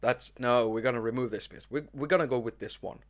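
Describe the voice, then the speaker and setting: A man hosting a relaxed live stream, talking at a middling pitch. He rambles and restarts his sentences, with plenty of ums along the way. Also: quick pace. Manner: rambling, many fillers and restarts. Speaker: host. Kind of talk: casual live-stream chat.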